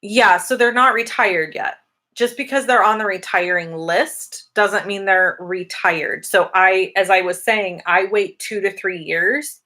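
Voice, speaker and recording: Reading out viewer comments and responding to them, a woman runs a casual live-stream Q&A in a chatty, upbeat way. Her voice is fairly low in pitch, bright, and forceful.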